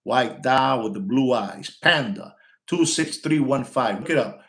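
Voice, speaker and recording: A man hosting a live stream about luxury watches, brash and loud, mixing English with Spanish slang and repeating himself for emphasis. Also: medium pitch, expressive, a little slow, reverberant. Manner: repeats lines and shouts for likes. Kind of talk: casual live-stream sales talk.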